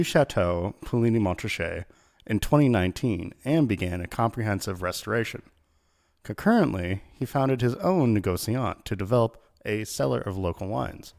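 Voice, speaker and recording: A man's voice: lowish voice, normal speed, creaky. A man hosting a wine panel in casual chat, laughing often and reading a news item aloud. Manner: laughs often, relaxed and playful. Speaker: wine show host.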